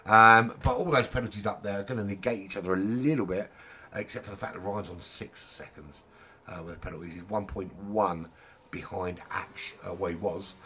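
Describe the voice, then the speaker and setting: A race commentator with a sore throat delivers rambling, jokey, casually sweary live commentary on an online racing league. His lowish voice sounds bright and forceful, with a little hiss or hum.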